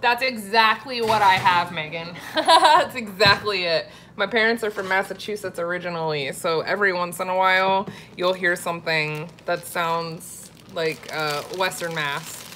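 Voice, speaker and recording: A woman from Florida talks casually to viewers on a live cooking stream. She reads their comments aloud and answers them in a chatty, easy way. Her voice sits a little low, with a faint hiss behind it. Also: normal speed, few pauses, pushed and bright. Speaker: cooking vlogger.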